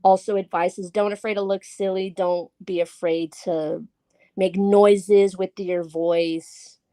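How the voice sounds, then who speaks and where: A woman's voice: mid-range voice, steady tone, slow pace, warm tone, no echo. Chatty woman scare actor, dry sound. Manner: chatty, giggly, full of fillers. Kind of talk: casual podcast chat.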